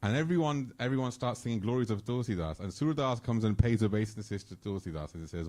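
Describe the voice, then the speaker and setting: A man at a temple festival telling devotional stories, acting out the dialogue with animated energy. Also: lowish voice, fairly quick, few pauses. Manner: animated storyteller, acts out dialogue. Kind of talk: storytelling talk. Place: temple hall.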